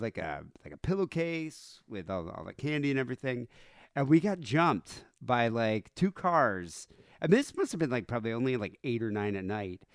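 A man's voice: mid-range voice, no room sound, clean studio sound. A man in his thirties who grew up in South Africa, telling stories in casual podcast chat with lots of restarts. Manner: animated storyteller, frequent restarts. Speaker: podcast co-host.

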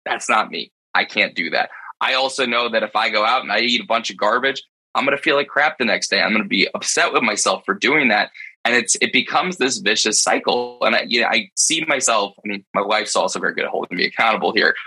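Pet care business guy talking real candid in a roundtable, super bright voice, kinda husky. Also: on the low side, rough recording. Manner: earnest, confessional, with quick bursts and restarts.

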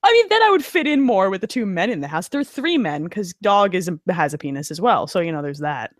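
A woman's voice: lowish voice, sing-song, fairly quick, no echo, clean studio sound. A woman hosting a podcast, talking in casual, profane, joking chat. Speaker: podcast host.

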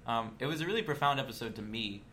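A man's voice: medium pitch, lively intonation, quick pace, bright, forceful tone, a little hiss or hum. A man in casual chat who tells stories in a rambling, hesitant way with many ums.

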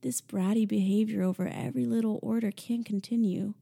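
A woman voicing a teasing, controlling young man who speaks softly and calmly in an audiobook. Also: medium pitch, gravelly. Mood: calm commanding. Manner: soft, slow, menacing calm.

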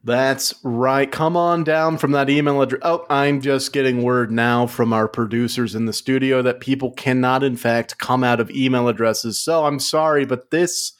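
A man co-hosting a casual comedy podcast, delivering mock-serious jokes in a deadpan way. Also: medium pitch, normal speed, few pauses. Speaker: podcast co-host.

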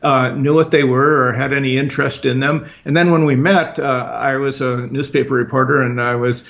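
A man guest in an interview, talking haltingly with many fillers and restarts, on a dull lo-fi recording. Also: medium pitch, steady tone, creaky, fairly bright tone. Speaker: guest author. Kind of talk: casual interview chat. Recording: dull lo-fi sound.

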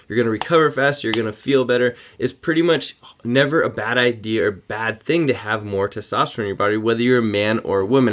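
Man, podcast host, casual fitness monologue, informal, jokey asides, mid pitch. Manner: informal, chatty, self-correcting, joking asides.

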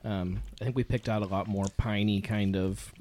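Casting: lowish male voice, measured descriptive talk, faint hiss behind. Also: steady tone, a little mellow. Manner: measured, descriptive about flavors. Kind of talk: casual chat.

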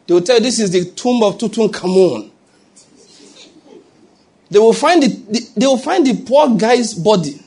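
This pastor's voice sits extremely high, a little mellow with a breathy edge. He preaches conversationally, dropping in jokes before rising to emphatic declarations.

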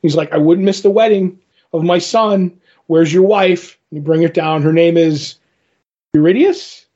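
A man co-hosting a podcast in casual comic book chat, retelling scenes with animated character lines. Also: on the high side, normal speed, highs cut off. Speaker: podcast co-host.

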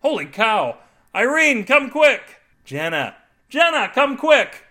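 A man voicing a giddy, manic middle-aged husband obsessed with mustard, often shouting in an audio fiction reading. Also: mid-range voice, expressive, normal speed, lightly acted.

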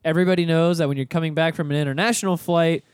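A man from Florida hosts a podcast in loose, profane storytelling. His voice sits a bit high and sounds dry and close. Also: steady tone, very fast, clear, resonant tone, no room sound. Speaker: podcast host. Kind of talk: casual chat.

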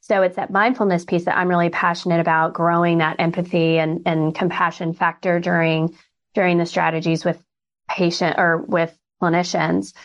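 Animated woman clinician, lo-fi sound. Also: fairly low pitch, normal speed. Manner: animated, acts out quoted speech. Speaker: speech-language pathologist. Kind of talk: casual conversation. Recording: dull lo-fi sound.

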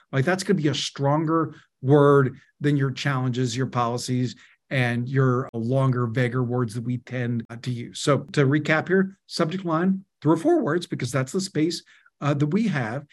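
A man's voice: medium pitch, normal speed. A middle-aged man speaking as an interview guest over a video call, explaining ideas with energy, stressing words and stacking them in lists. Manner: energetic, emphatic, repeats key words in lists. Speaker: guest, media co-founder and author. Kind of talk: webinar interview, explaining and telling anecdotes.

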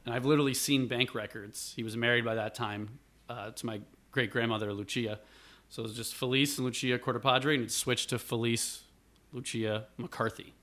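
A man from Buffalo, New York recounts a family tale as a guest in easygoing conversation, speaking at normal speed in a mid-range voice. He's animated and rambling, dramatizing the quoted lines.

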